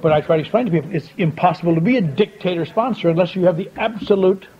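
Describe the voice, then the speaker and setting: High-voiced and fast-talking, an older speaker at a recovery convention spins a wry, folksy tale in a big convention hall, performing the quoted lines himself. The recording is a dull lo-fi tape carrying a faint hiss.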